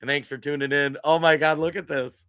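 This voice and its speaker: A man's voice: on the high side, steady tone, a little fast, a bit bright, clear, resonant tone, no echo. Male pundit co-host, mocking and emphatic, dry close recording. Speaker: political talk show co-host. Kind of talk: casual commentary.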